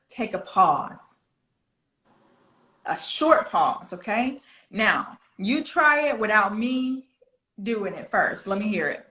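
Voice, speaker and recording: A woman's voice: a little high, fairly bright tone, roomy sound. A woman from the United States, a pronunciation coach, patiently explaining and demonstrating phrasing over a video call. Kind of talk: coaching over an online interview.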